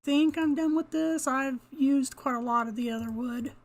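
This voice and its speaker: A woman's voice: high voice, moderate pace. An older woman talking casually to herself as she plays a video game, laughing often and cursing mildly at the game's creatures. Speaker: gamer. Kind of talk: casual gameplay commentary.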